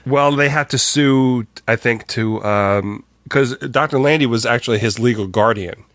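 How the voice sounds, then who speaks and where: A man's voice: medium pitch, normal speed, a bit bright, no echo. A man co-hosting a podcast, chatting casually, hesitant with many fillers and easy laughs. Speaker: podcast co-host. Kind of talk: casual chat.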